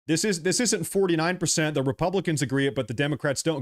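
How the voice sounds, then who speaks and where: Heated American livestream host. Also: male voice, quick pace, hardly any pauses. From United States. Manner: heated, repetitive, combative; swings between loud and low mutters. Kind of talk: livestream commentary. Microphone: headset.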